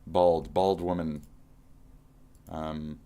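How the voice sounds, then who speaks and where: A man's voice: rumbling low, level tone, very slow, mellow. A man streaming live, reacting to posts with a profane, mocking rant.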